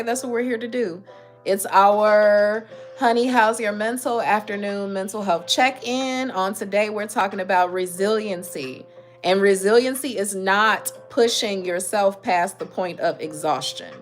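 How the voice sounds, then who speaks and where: A woman's voice: mid-range voice, normal speed. A woman hosts a casual mental health check-in. She speaks emphatically and directly, in a preachy, motivational way. Faint music plays underneath. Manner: emphatic, preachy, talks straight to listeners. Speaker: mental health talk host.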